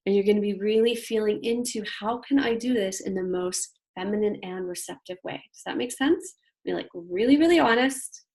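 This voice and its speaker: A woman's voice: mid-range voice, a little mellow. A woman guides a group class in a loose, conversational way, full of fillers and friendly asides. She walks the group through breathing exercises and voices them aloud as she goes. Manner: casual and chatty, with many fillers. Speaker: women's leadership workshop leader.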